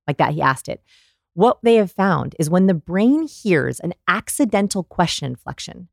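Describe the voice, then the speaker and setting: A woman guest on a podcast, explaining research in an animated, storytelling way and acting out examples. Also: on the low side, fairly quick, gravelly, dry recording, studio quality. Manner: animated storyteller, demonstrates voices. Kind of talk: conversational explaining.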